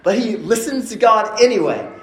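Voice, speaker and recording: Animated man preaching in an echoey room. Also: sits high, normal speed. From East Texas. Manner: animated, casual and joking. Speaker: pastor. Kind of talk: sermon.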